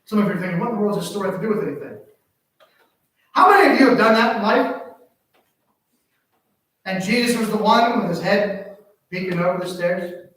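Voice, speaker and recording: A high-voiced man preaching a sermon in a church, his voice ringing through a very echoey hall. He sounds like he is standing well away from the mic. He tells stories with animated swings between hushed asides and loud exclamations. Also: brisk, pauses often, distant mic. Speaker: pastor. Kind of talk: sermon with personal story. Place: church sanctuary.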